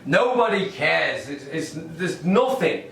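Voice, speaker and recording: This middle-aged English stand-up comedian speaks slowly but very animatedly, his voice on the high side, creaky, and fairly bright. He gives a wry, rambling observational set to a camera in his living room. The recording is echoey and distant from a far-off camera mic, with a little hiss or hum.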